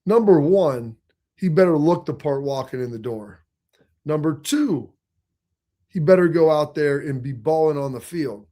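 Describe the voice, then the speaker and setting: Man, forties, sports talk host, emphatic, conversational, slightly high voice. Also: expressive, unhurried, warm tone. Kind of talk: casual sports talk commentary.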